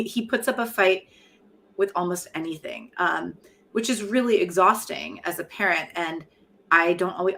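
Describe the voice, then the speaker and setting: A middle-aged woman, a poet and professor, talking frankly and reflectively in an interview, often laughing at herself. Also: mid-range voice. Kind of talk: candid conversational interview.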